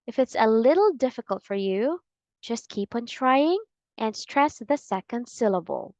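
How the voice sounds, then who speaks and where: Woman teacher drilling pronunciation, super slow and careful, kinda high voice, dry dull recording. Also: expressive, a little mellow, no echo. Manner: patient, instructive, repeats model sentences slowly. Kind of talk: slow, deliberate pronunciation lesson. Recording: dry, slightly dull sound.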